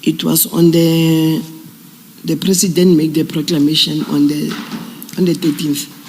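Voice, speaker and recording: A man gives formal testimony at an inquiry. His voice sits a little high and has a gravelly edge, and he speaks in a halting, measured way. A long reverb hangs around him in a large hearing room. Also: level tone. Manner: halting, measured, with many uh fillers and restarts. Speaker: police general testifying as a witness.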